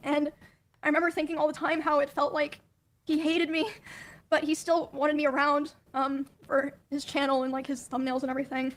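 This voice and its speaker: A woman with a high voice that barely moves in pitch, telling her own story. She talks softly and hesitantly, with frequent ums and pauses. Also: level tone. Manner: soft, hesitant, many ums and likes. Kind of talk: recounting personal experiences in a played clip.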